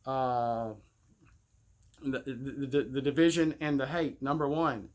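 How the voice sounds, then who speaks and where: A man's voice: medium pitch, steady tone, slow. A man ranting in a casual monologue. He sounds preachy and indignant and often stammers and restarts his sentences. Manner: rambling, with frequent stammered restarts. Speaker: gaming channel host. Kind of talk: casual spoken rant.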